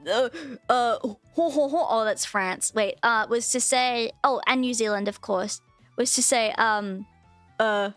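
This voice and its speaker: Australian woman, high bright voice, rambling live-stream chat, dry close mic, faint music under. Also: a little slow, no echo. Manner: chatty and rambling, lots of restarts. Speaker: VTuber streamer. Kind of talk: casual livestream chat.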